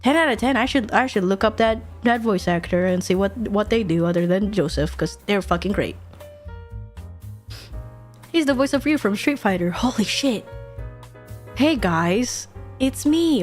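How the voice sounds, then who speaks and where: A young woman streaming, chatting casually and excitedly, laughing often and swearing freely. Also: mid-range voice, normal speed, faint music behind. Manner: giggly, excitable, swears casually, repeats quotes.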